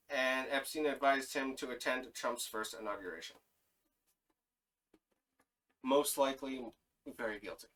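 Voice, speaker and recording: A man's voice: medium pitch, moderate pace, pauses often, pushed and bright, distant mic, low-quality recording. A man co-hosting a casual podcast, reading through a list of names with fillers and self-corrections. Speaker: podcast co-host.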